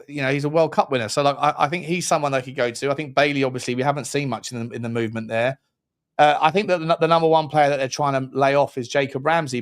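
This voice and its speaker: A man co-hosting a football talk livestream, chatty and upbeat, with blunt opinions and quick shout-outs to viewers. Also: medium pitch. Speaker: co-host.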